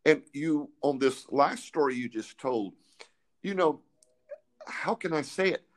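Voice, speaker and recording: A man with a voice on the high side and lively intonation hosts a casual faith talk. He's fervent and emphatic, yet halting, often repeating words while he searches for what to say.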